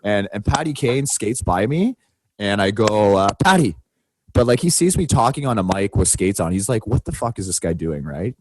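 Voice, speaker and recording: A man's voice: on the low side, moderate pace, husky. A man co-hosting a podcast, telling a story in casual chat and acting out the quotes in a raised voice. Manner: animated, acts out quotes in raised voice. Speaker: podcast co-host.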